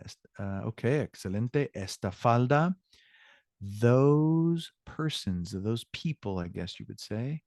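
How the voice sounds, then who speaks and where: A man's voice: lowish voice, darkish tone, no room sound, clean studio sound. A man teaching a Spanish class to students, encouraging them and correcting himself as he goes. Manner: upbeat, encouraging, self-correcting. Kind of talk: online class lesson.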